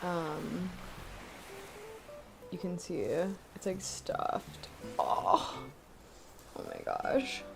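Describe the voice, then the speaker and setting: A woman streamer talks slowly and softly at home, murmuring between bites. Her pitch moves up and down a lot. Faint music plays behind her. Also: big pitch swings, creaky. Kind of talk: casual livestream chat while eating and gaming.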